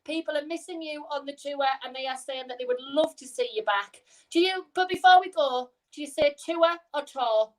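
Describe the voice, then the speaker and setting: A woman's voice: sits high, brisk, hardly any pauses, rough recording. A British woman co-hosting a casual live stream over a video call, cheeky and bubbly, laughing often. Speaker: co-host.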